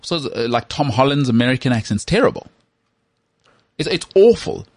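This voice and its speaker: A man from South Africa with a South African accent, co-hosting a casual podcast chat in an animated, opinionated way. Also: medium pitch, normal speed, dry recording. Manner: animated, opinionated, repeats words when starting. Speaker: podcast co-host.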